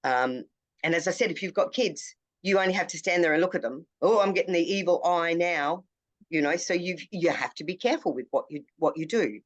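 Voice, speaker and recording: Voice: medium pitch, animated, brisk. A youth work trainer giving a conversational classroom lecture, repeating key phrases for emphasis. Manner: down-to-earth, conversational teaching.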